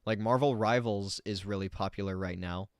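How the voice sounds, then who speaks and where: Low-voiced man in casual reaction commentary. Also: normal speed, dry recording, studio quality. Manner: rambling, argues back at the video. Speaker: streamer reacting to a video.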